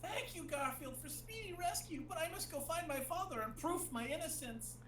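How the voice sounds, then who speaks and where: A woman voicing an earnest young alien woman, soft and quiet, in a fan-fiction reading. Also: very high voice, animated, normal speed, roomy sound, far from the mic, crowd noise, voice pushed up.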